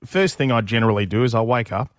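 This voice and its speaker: A man hosting a radio show, excitable and laughing as he tells the news of the day. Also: mid-range voice, quick pace, no room sound, studio quality. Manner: excitable, laughing, animated storytelling. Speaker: radio host. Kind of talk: breakfast radio chat.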